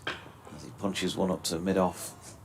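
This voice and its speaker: A man giving relaxed, chatty live cricket commentary with dry quips. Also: deep voice, unhurried, creaky, a little hiss or hum.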